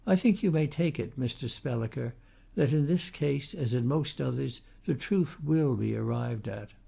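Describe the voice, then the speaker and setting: A man playing a refined, aloof older gentleman. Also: mid-range voice, gravelly, breathy edge. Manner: cultured, measured, coolly polite.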